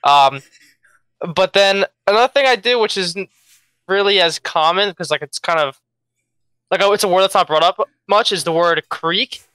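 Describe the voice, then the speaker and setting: Young man, Philadelphia accent, jet-lagged, laid-back, repeats words, bright crisp voice. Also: high-pitched, normal speed, no room sound. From Philadelphia, USA. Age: young adult. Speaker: esports player guest. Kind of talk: casual interview answers.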